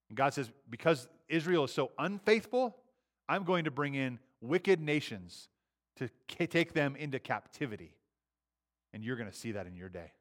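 A man's voice: medium pitch, expressive, normal speed, fairly bright tone. Man preaching with emphatic rises. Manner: conversational preaching with repeated restarts and emphatic rises. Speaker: pastor. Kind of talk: sermon.

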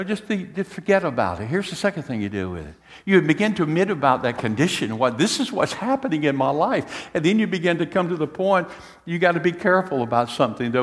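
A middle-aged male pastor preaching a sermon, animated and swinging from soft to loud, repeating himself and asking "amen?". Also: medium pitch, big-room sound. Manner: repeats words and restarts, asks the congregation "amen?". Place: church sanctuary.

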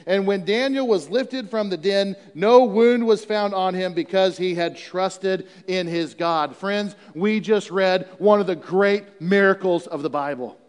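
Brief: male pastor, sermon, casual and joking between readings, high voice, long hall reverb. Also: measured pace, hardly any pauses, smooth. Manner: conversational, humorous asides.

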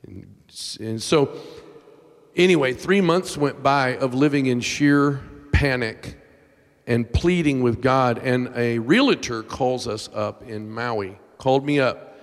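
A middle-aged man preaching in a large church hall, his voice trailing off into a long reverb. He tells his story with raw emotion, sinking to near-whispers and then climbing to shouts. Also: medium pitch, slow pace. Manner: emotional, swings from hushed to shouting. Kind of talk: sermon storytelling.

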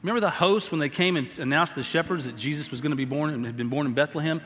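A man preaching a sermon, telling a story and then building to slow, emphatic exhortation. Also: on the high side, fairly bright tone. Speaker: pastor. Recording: long hall reverb.

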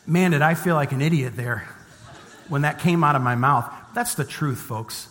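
A man's voice: fairly high pitch, takes it slowly, pauses often, fairly bright tone, slight background noise. A middle-aged man preaching a sermon as a pastor, mixing scripture reading with conversational, humorous personal stories. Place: church sanctuary. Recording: long reverb of a church hall.

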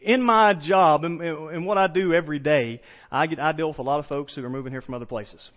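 A man with a Southern drawl from East Tennessee delivers a relaxed, homespun sermon, his voice sitting slightly high. He keeps turning to the congregation with questions. The church recording sounds muffled and lo-fi. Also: fairly quick. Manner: folksy storytelling, poses questions to the congregation. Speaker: pastor. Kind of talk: conversational sermon. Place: church sanctuary.

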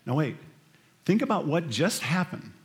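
A man preaching a sermon, shifting between hushed scripture reading and loud, emphatic storytelling. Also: on the high side, big pitch swings, normal speed. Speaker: pastor.

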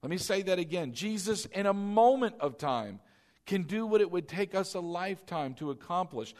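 A man's voice: sits high, animated, normal speed, a little mellow. A man preaching a sermon as pastor, exhorting the congregation, repeating key lines and asking them questions. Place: church sanctuary. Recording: long hall reverb.

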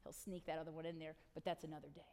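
A middle-aged woman pastor preaching a sermon, telling stories with animated, acted-out lines. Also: low-pitched, racing. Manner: animated storytelling, acts out people's lines.

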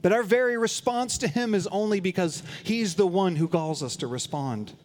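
A man's voice: high voice, normal speed, a little mellow. A man preaching a sermon to his congregation, earnest and conversational, often restarting phrases and adding light humorous asides. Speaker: pastor.

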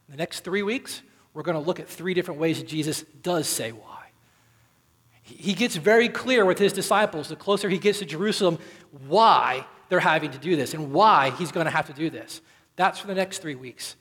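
A man preaching from the pulpit in a church, his voice sitting high for a man. He presses his points with rising force, then drops low and quiet on key words. The sound rings out with a long reverb through the sanctuary. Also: lively intonation, normal speed, breathy edge. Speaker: pastor. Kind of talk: sermon.

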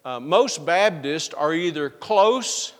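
A man preaching a sermon as pastor, reading scripture slowly and with emphasis. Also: on the high side, animated, a bit bright. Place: church sanctuary. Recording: long reverb of a church sanctuary.

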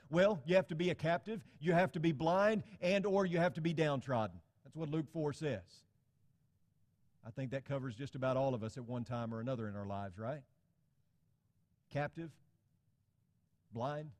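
A man preaching a sermon in an earnest, pleading way, often dropping to a soft, quiet emphasis. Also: on the high side, long reverb tail.

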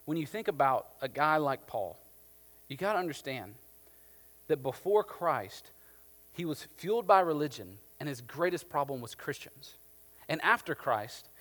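A man's voice: on the high side, big-room sound. A man preaching a sermon as pastor, talking casually and telling stories with a lot of "like". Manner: conversational, animated storytelling with filler "like".

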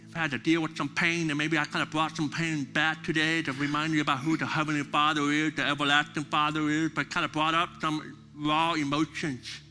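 A middle-aged male pastor preaching a sermon, impassioned at times and soft and prayerful at others. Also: fairly high pitch, flat delivery, brisk, few pauses, soft background music.

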